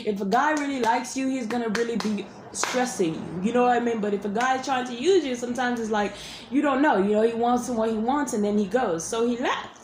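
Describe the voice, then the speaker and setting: A woman's voice: on the high side, a little fast. A woman telling a personal story in a casual vlog from a hotel room, rambling with many restarts and asides. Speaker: vlogger. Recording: roomy echo with faint noise.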